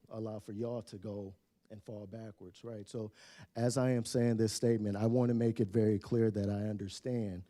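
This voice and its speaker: Dark, hesitant man at a council podium. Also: lowish voice, no room sound. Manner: hesitant, full of fillers and restarts, often trailing off softly. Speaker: public commenter. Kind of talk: public comment speech. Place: city council meeting chamber.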